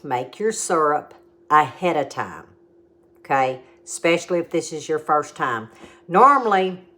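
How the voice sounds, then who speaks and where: A middle-aged woman with a drawl talks through a home cooking demo and tasting in a chatty, homey way. Her voice sits low and unhurried, and she explains each step patiently. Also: expressive, pushed and bright.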